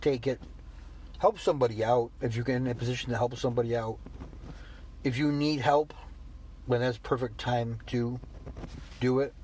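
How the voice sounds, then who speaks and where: A man's voice: mid-range voice, a little mellow, a little hiss or hum. A man hosting his own solo podcast, ranting bluntly and swearing freely. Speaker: podcast host.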